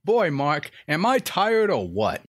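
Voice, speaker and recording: A man hosting a casual episode review podcast, animated and chatty with loose fillers. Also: on the high side, slow, no echo, studio quality. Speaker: podcast host.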